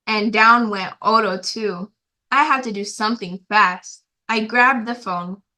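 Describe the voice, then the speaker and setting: A woman reading a children's story aloud in a steady, plain way. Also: mid-range voice, measured pace.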